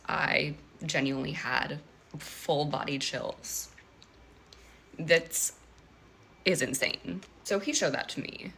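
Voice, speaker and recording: A woman talking excitedly and ramblingly about a photo, in a casual clip. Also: low voice, vocal fry, a little hiss or hum, rough recording.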